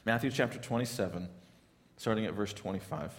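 A man preaching a sermon in a church, with a voice of ordinary pitch. He talks conversationally, often stumbling over and repeating words. At times he rises into loud, pleading strings of questions. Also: moderate pace, big-room sound. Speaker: pastor.

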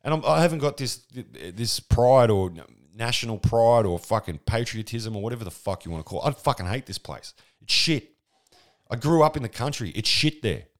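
An Australian man hosts a solo podcast, speaking straight into the mic from a plain room at home. He rants with constant swearing and sardonic asides, stumbling and restarting as he goes. His voice sits at an ordinary middle pitch. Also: expressive, fairly quick. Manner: profane, rambling, sardonic, restarts a lot. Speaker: podcast host. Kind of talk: solo ranting monologue. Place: room at home with white wall. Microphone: podcast microphone.

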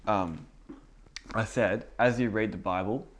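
A young man with a fairly low voice teaches in a relaxed, conversational way, like a youth pastor talking to his group. He fills his talk with "like" and often repeats words as he goes. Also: a little slow. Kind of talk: casual spoken teaching.

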